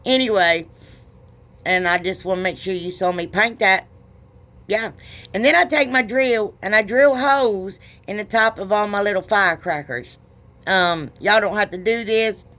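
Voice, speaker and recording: A woman's voice: mid-range voice, a bit bright. A woman, chatting her way through a craft tutorial in a rambling, self-deprecating way and laughing often. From United States. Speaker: craft vlogger. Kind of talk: casual craft tutorial chat.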